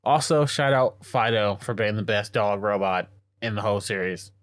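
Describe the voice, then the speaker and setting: Excitable man recapping a story, dry close sound. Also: fairly low pitch, moderate pace, smooth, no echo. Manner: excited, slangy storytelling, acting out lines. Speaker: podcast co-host. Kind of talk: casual anime recap chat.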